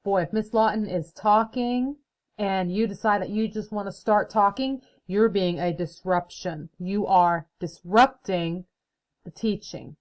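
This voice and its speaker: A woman's voice: medium pitch, measured pace, darkish tone, poor audio. A young woman teacher giving a recorded phonics lesson to children, explaining patiently and clapping out syllables.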